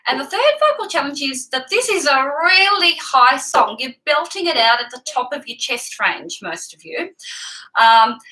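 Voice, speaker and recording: A woman singing teacher who explains technique patiently and clearly, breaking off to sing short examples. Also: high-pitched, pushed and bright, rough recording. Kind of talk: vocal lesson with sung demonstrations.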